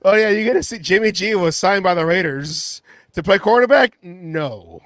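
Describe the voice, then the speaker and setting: A man's voice: sits high, normal speed, a bit bright, no echo, studio quality. A man in his forties hosting a sports podcast, chatting casually and laughing as he stumbles over words. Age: 40s. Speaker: podcast host.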